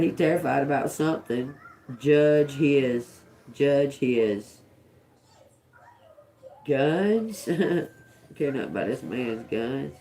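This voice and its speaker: A woman's voice: deep voice, darkish tone, slight background noise. A woman giving a live-stream tarot reading, thinking aloud, repeating single words to herself, blunt and profane, often chuckling. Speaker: tarot reader.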